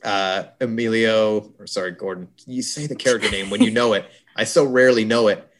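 A man's voice: fairly low pitch, steady tone, brisk, slight background noise. Podcast co-host, male, jokey and rambling, casual chat, self-corrects a lot. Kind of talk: casual movie discussion chat.

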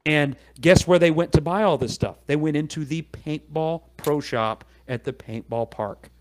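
A man's voice: a little high, moderate pace, darkish tone. A middle-aged man, a podcast guest, telling a long story in casual chat and acting out the people in it with quoted voices.

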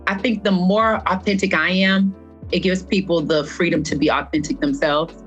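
A woman's voice: on the low side, steady tone, normal speed, dull audio, faint music behind. A woman, a fitness instructor, speaking earnestly as a podcast guest and repeating phrases for stress. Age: adult past her twenties. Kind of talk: heartfelt podcast conversation.

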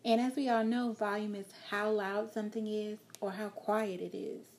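Woman, mellow warm voice, calm encouraging teacher, demonstrates loudness and pace. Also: mid-range voice, normal speed. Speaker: vocal expression teacher. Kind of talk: instructional talk.

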